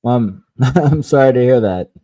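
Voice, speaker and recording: A man with a mellow, dark tone and a middle-pitched voice, co-hosting a parenting podcast. He talks haltingly and keeps restarting his sentences as he leads into a topic. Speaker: podcast co-host. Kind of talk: casual chat.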